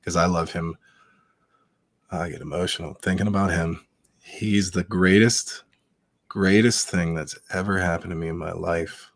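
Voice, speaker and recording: A man's voice: sits low, fairly even intonation, unhurried, no room sound, studio quality. A man talking as a podcast guest, heartfelt and emotional, swearing freely as he speaks candidly. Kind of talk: candid interview talk.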